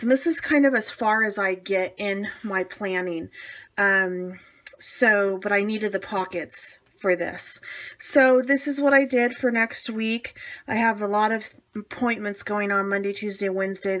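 A woman's voice: medium pitch, a bit bright. Chatty, enthusiastic woman crafting tutorial. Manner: frequent fillers and self-restarts. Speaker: planner hobbyist presenting a tutorial. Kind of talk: casual show-and-tell tutorial.

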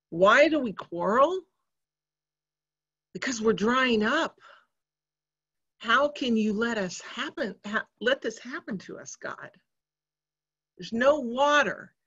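A woman preacher giving a sermon in a church, speaking in a measured, reflective way. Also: mid-range voice, a bit bright, dull audio.

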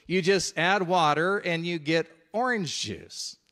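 A man's voice: on the high side, expressive, slow pace, fairly bright tone, exaggerated voice. A preacher voicing a male Russian immigrant comedian with a put-on Russian accent, wide-eyed. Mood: amazed. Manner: wide-eyed, punchline delivery.

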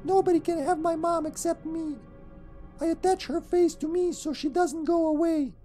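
A game streamer putting on a high, childlike voice to read a creepy little girl's diary in slow, broken phrases. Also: steady tone, dark tone, faint music behind. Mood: eerie, plaintive. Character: creepy, lost little girl searching for her mother. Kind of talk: dramatic reading of a game diary.

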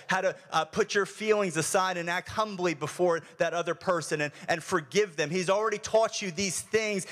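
A man's voice: sits high, a bit bright. A male pastor preaching a sermon in a church, earnest and repetitive, often restarting his phrases. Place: church sanctuary.

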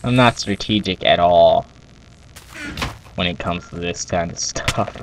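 A young man casually chatting and laughing while playing a co-op game, exclaiming loudly at every mishap. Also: sits low, unhurried, background noise. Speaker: Minecraft co-op player. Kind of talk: casual gameplay chat.

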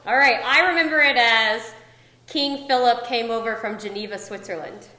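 Woman, from North Carolina, former teacher, soft-spoken, slightly high voice, echoey room. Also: normal speed. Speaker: zoo educator, former teacher. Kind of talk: casual chat on a live stream.

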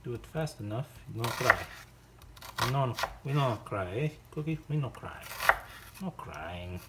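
A man talks through a home cooking demonstration at an unhurried, drawn-out pace, chatting to himself and his dog between tasks. Loud chopping, clinking dishes and cutlery fill the kitchen behind him, close to the voice. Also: medium pitch, animated, heavy background noise. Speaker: home cook hosting a cooking video.

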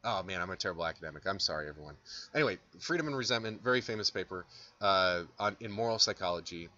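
A man's voice: sits low, animated, fast, bright, forceful tone, lo-fi sound. A young man, a philosophy lecturer, giving a casual recorded lecture, chatty and self-deprecating, acting out examples as he goes.

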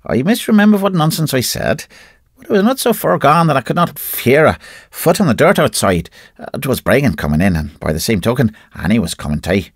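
A male audiobook narrator at a middle pitch, spinning a first-person yarn with an animated, rising-and-falling delivery. The recording is close and dry with no room sound, like a studio audiobook. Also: fairly quick, husky, no room sound. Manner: expressive storytelling.

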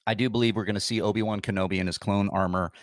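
A man's voice: fairly low pitch, fairly even intonation, rapid-fire, no room sound, clean studio sound. Grumpy, sarcastic man hosting a livestream. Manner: sarcastic and grumpy, chatty with viewers. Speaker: livestream host. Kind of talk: casual livestream commentary.

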